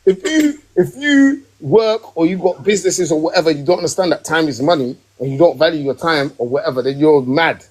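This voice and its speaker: A man hosting a podcast live stream from home, ranting emphatically in casual chat and rising in pitch when worked up. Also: animated, brisk, few pauses, low-quality recording. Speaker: podcast host. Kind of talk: heated casual rant.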